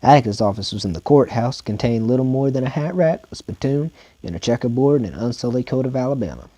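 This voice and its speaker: A man with a Southern US accent reads a novel aloud at home as an amateur audiobook, laid-back and informal, now and then stumbling and repeating words. His voice is medium-pitched, warm, expressive and fast, his mouth sounds dry, and there's no echo.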